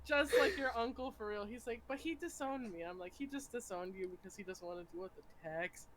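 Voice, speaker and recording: A woman's voice: mid-range voice, fairly quick, a little hiss or hum. A young woman streamer chatting casually, telling stories with lots of laughter and swearing. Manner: giggly, animated storytelling with swearing. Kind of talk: casual chat.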